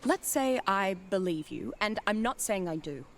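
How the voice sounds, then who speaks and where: An actress playing a proud, educated woman stranded on an island in an animated series, speaking with indignant distrust. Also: mid-range voice, moderate pace, a little hiss or hum. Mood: distrustful. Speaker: character in an animated series clip.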